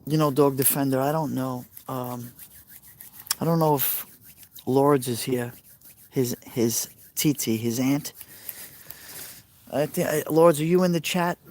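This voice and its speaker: A man's voice: mid-range voice, unhurried, long pauses, darkish tone. Brooklyn Italian American man, rambling chat. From New York. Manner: rambling, answers chat messages aloud. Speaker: live streamer. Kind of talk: casual live stream chat. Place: outdoors by a fire pit at night.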